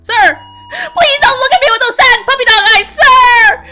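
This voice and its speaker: A woman voicing a jittery young male police patrolman in a game, shouting and ending nearly every sentence with "sir!". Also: very high-pitched, a little slow, soft background music, pitched above the performer's own voice, full character voice. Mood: frantic, loud. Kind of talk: voice acting a game script aloud.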